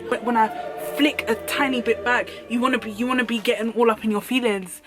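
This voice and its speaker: A woman's voice: a little high, brisk, music in the background. A young woman telling a storytime vlog, slangy and emphatic, repeating lines for effect. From United Kingdom. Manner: animated, slangy, emphatic repetition. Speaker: vlogger.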